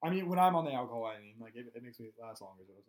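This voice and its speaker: A man's voice: mid-range voice, animated, very fast, a little mellow. A young man co-hosting a podcast, chatting loosely and joking, with lots of fillers and restarts. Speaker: podcast co-host. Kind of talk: casual podcast banter.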